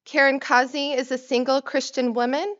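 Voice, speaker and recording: A woman's voice: high-pitched, flat delivery, moderate pace, fairly bright tone, lo-fi sound. A woman hosting an event, reading a scripted introduction in a formal, announcing way. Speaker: event host.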